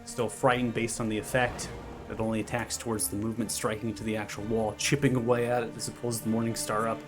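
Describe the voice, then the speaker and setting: A man's voice: lowish voice, fast talker. Man narrating as game master over music. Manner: calm descriptive narration of combat.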